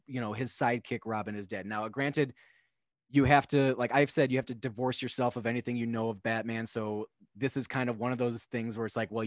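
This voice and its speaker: A young man on a podcast, casually talking through a film in a rambling, animated way. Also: medium pitch, dry recording, clean studio sound. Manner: rambling, animated, acts out characters' lines. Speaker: podcast guest.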